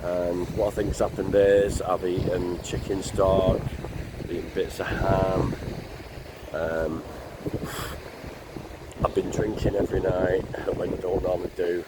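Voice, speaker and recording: An older man with a blocked nose, talking slowly and plainly in a casual travel vlog by the sea. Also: sits low, little pitch movement. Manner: slow, rambling, plain-spoken. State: congested, bunged up. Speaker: vlogger. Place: outdoors by the sea. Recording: noisy outdoor recording.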